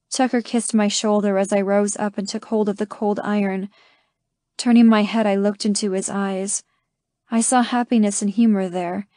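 A woman reading a first-person romance audiobook in a slow, intimate way. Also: medium pitch, steady tone, mellow, dry recording, clean studio sound. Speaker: audiobook narrator. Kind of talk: scripted first-person narration.

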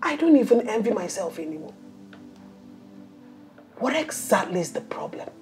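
A Nigerian actress playing a hurt wife in a film drama, speaking earnestly and wistfully. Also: female voice, medium pitch, very animated, normal speed, darkish tone, soft background music, lightly acted. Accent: Nigerian English. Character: hurt, frustrated wife, woman, adult.

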